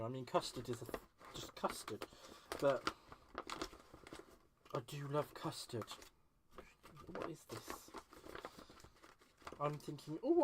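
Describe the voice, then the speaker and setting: A man with a voice a touch higher than most men's, talking casually as he crafts live at home. He gushes over his supplies and chats back to viewers' comments in a friendly, rambling way. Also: noisy background. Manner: chatty, gushing, answers viewer comments aloud. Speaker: crafting livestream host. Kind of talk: casual live-stream chat while crafting.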